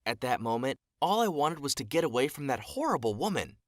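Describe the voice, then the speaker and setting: A man narrating as an earnest young man with a lively delivery. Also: mid-range voice, brisk, no room sound, clean studio sound, natural voice. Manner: earnest, dramatic storytelling. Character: young man recounting a traumatic childhood, earnest. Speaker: animated story narrator. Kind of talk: scripted storytelling narration.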